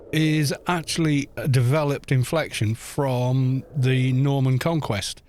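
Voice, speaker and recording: A man's voice: medium pitch, moderate pace, darkish tone. A man from North Wales with a mixed North Welsh and southern English accent, chatting casually on a game livestream. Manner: rambling, chatty, many restarts. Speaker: streamer.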